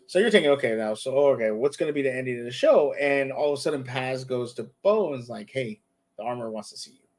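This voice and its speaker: A man's voice: mid-range voice, animated, quick pace. A man hosting a casual chat, retelling scenes and acting out the characters' lines. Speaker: podcast host. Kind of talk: casual show review chat.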